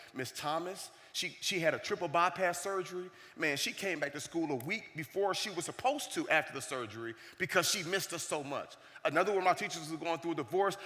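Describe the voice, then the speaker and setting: A man's voice: a little high, bright, forceful tone. A man giving a motivational keynote at a conference, telling stories and acting out the quoted dialogue. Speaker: keynote speaker. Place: large conference hall. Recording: reverberant conference hall.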